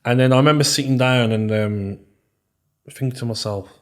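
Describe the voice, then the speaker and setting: A man's voice: mid-range voice, normal speed. A man in his thirties with a Birmingham accent chats easily as a podcast guest. His talk is loose and rambling, full of ums and "you know what I mean". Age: 30s. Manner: chatty, many fillers and repeated "do you know what I mean". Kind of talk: casual interview chat.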